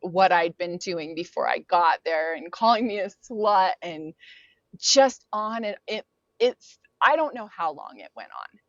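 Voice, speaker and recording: A woman talks through a personal story as a podcast guest, her speech loose and casual and sprinkled with "like" and "um". Her voice sits fairly low for a woman. The recording is dry and a little dull, with no room around her. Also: very animated, measured pace, dry recording. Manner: casual, frequent "like" and "um" fillers.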